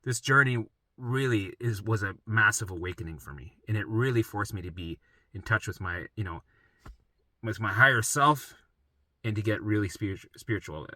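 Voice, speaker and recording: A middle-aged man telling his own story in a rambling, profane, animated way, often asking "right?" and jumping into acted voices. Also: normal speed, no room sound. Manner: acts out his own past voices in sudden pitch jumps. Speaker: vlogger sharing his recovery story. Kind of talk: casual storytelling monologue.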